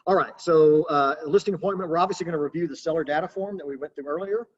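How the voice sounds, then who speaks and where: A man coaching real estate agents in a relaxed, conversational webinar talk over a video call. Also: on the high side, fast, highs cut off. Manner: casual, conversational, practical coaching.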